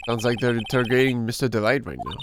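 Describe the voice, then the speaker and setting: A man streaming a game, reading the dialogue aloud in a relaxed, wry way. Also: medium pitch, quick pace, background noise. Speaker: streamer playing a visual novel. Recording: game music underneath.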